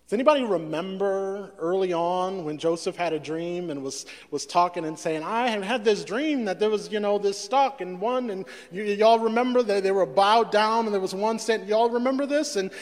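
A man's voice: sits high, normal speed, hardly any pauses. A male pastor preaching a sermon, stumbling over repeated words and acting out the voices of the scripture. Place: church sanctuary. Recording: long reverb in a church hall.

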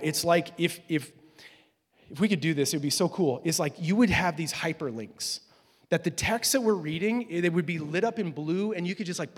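A male pastor giving a conversational sermon, swelling to emphatic peaks as he drives his points home. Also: a little high. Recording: long hall reverb.

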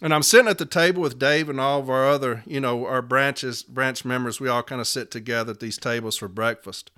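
Union man with a forceful voice, mid-range pitch, speaking with profane, fervent urgency to the rank and file. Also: fairly even intonation, fairly quick. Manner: fervent, profane storytelling, from loud pleading to quiet recollection. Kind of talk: impassioned personal speech to union members.

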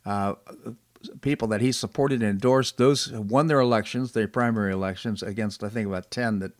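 A man hosting a casual political talk show, speaking in a relaxed, agreeable way with frequent hesitations. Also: on the low side, brisk, dry recording, studio quality. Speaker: show host.

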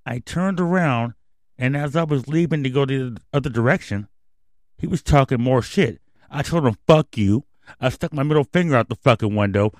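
A man's voice: mid-range voice, fairly quick, a little mellow, no echo. A man hosting a radio show, telling an angry, profanity-filled story in a heated rant. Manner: angry, swearing constantly, heated.

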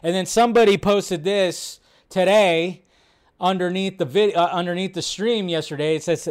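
A man's voice: high voice, moderate pace, smooth. Rambling, swearing male stream host. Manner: rambling, swears freely, laughs often, reacts to chat. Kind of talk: casual live-stream chat.

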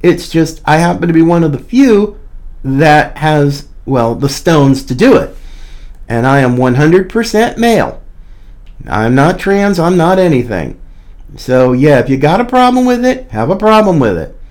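A man's voice: a little high, very animated, a little slow, a little mellow. A man hosting a podcast, giving a combative, mocking opinion monologue. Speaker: podcast host.

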